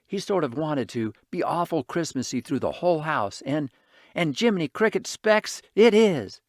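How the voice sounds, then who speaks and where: A man voicing an energetic young orphan boy from the city who talks in excited street slang. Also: a little high, moderate pace, dry recording, studio quality, pitched above the performer's own voice, close to an everyday voice. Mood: excited, boastful.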